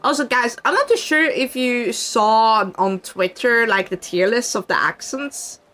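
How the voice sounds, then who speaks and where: A woman's voice: fairly high pitch, unhurried, fairly bright tone. A young woman with a light Swiss English accent chatting casually with her viewers during a game stream, playful and teasing. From Switzerland. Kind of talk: casual gaming stream chat. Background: faint background music.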